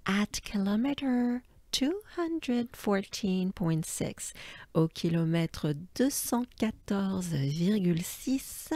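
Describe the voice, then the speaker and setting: A woman from France with a French accent, teaching pronunciation by slowly repeating sounds, with soft whispered asides. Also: medium pitch, expressive, no echo. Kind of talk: pronunciation lesson.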